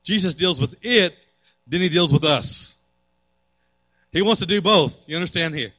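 A man's voice: fairly high pitch, expressive, normal speed, bright, forceful tone, no room sound. A man preaching a sermon as pastor, building fervor and acting out quotes.

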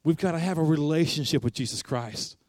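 A man's voice: on the high side, a little fast, darkish tone, dry recording. Male preacher, sermon, rhetorical questions, repeated phrases, dry close sound. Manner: emphatic, repetitive, asks rhetorical questions.

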